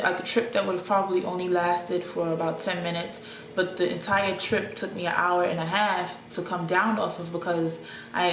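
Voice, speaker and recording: Rambling woman in an echoey room. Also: on the low side. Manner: rambling, chatty, with frequent restarts and laughs. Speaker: vlogger. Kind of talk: casual vlog monologue to camera. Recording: echoey room with faint ambient noise.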